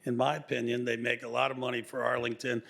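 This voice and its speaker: Gravelly man at a podium mic, appreciative public commenter. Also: medium pitch, monotone, quick pace, fairly bright tone. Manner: grateful, appreciative. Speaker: public commenter, local business owner. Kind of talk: public comment at a county meeting. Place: county board meeting room.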